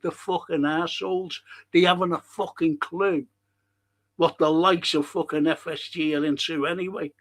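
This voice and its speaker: On a livestream podcast, a man with a fairly high, somewhat bright voice reads chat comments and rants with nonstop swearing and rhetorical questions. His pace is moderate, his intonation fairly even.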